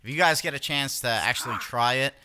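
A man co-hosting a casual podcast with a very bright, forward voice and an average pitch. He talks loosely, swears a lot and laughs easily. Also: a little fast, clean tone. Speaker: podcast co-host.

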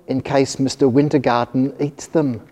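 A man voicing an excitable boy who likes to scare others, in a storybook reading. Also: mid-range voice, moderate pace, lightly acted. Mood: teasing. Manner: excitable, teasing. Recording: reverberant hall.

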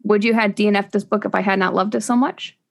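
A woman's voice: mid-range voice, fairly even intonation, fast talker, vocal fry. A woman co-hosting a casual book review podcast, talking in a chatty, rambling way and laughing often. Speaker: podcast co-host.

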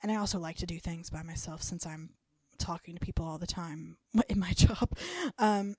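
A woman's voice: on the low side, moderate pace, warm tone, husky, dry recording, studio quality. A young woman co-hosting a podcast, telling a story in a chatty, rambling way, full of fillers and little laughs. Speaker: podcast co-host. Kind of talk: casual storytelling chat.

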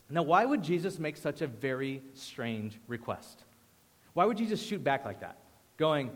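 A man preaching a sermon as pastor, conversational and animated, dropping to a hush for emphasis. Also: fairly high pitch, normal speed, in a large hall. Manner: animated, conversational storytelling with sudden hushed drops.

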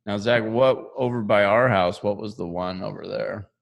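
Low, gravelly man telling laughing stories. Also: normal speed. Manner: laughing, rambling storyteller. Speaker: co-host. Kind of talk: casual podcast chat.

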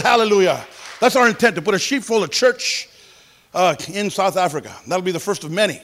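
A pastor preaches in a church service with a high-pitched, fairly quick, slightly bright voice while some chatter sounds in the background. Folksy and exclamatory, he breaks in with hallelujahs and praise the Lord, and mimics music with sung syllables as he tells stories.

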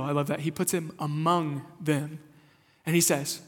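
A young-adult man from rural Kansas, a lead pastor giving a conversational, animated sermon and asking the congregation questions. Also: fairly high pitch, normal speed. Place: church sanctuary. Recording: long hall reverb.

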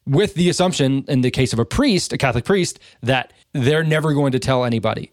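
A man co-hosting a podcast, telling a story in a casual, animated way, swearing and acting out quoted voices. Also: mid-range voice, no echo, studio quality. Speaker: podcast co-host.

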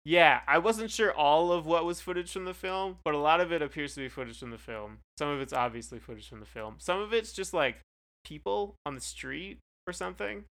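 A man's voice: a little high, lively intonation, fairly quick, gravelly, a bit bright. A man co-hosting a podcast, talking casually in a hesitant, rambling way with many fillers. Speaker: podcast co-host. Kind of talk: casual chat.

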